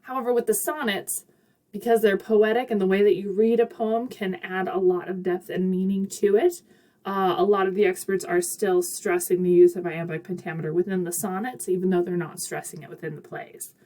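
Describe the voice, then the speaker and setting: A woman's voice: medium pitch, steady tone, brisk, dark tone. A woman teaching a recorded literature lecture in a chatty, upbeat way, with casual asides and frequent fillers. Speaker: literature instructor.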